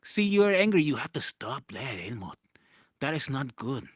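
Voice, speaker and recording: A man's voice: mid-range voice, very animated, moderate pace, no room sound, studio quality. A man putting on the voice of his older mother, who nags and scolds him over and over. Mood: scolding. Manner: scolding, repetitive. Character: older nagging mother scolding her son.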